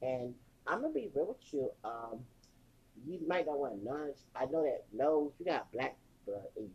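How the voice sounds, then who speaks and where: A woman voicing an obedient young woman apologizing to her boyfriend, soft and hushed. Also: extremely low pitch, very animated, moderate pace, breathy edge, highs cut off, voice pushed down, full character voice. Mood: apologetic.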